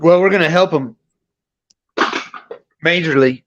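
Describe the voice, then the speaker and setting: A man's voice: a little high, a little slow, fairly bright tone. Profane, rambling man on a lo-fi stream. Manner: laughing often, profane and rambling. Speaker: co-host. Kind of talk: casual live-stream chat.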